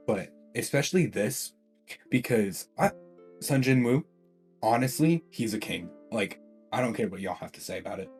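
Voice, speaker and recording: A young man casually narrating a fan-made story, excitable and slangy, full of fillers. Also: lowish voice, slightly rough. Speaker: YouTube storyteller. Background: faint background music.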